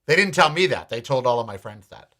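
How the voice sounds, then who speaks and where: A man's voice: mid-range voice, animated, fairly quick, a bit bright. An American man hosting a show, telling a personal story and ranting bluntly with profanity. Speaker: host. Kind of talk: opinionated monologue.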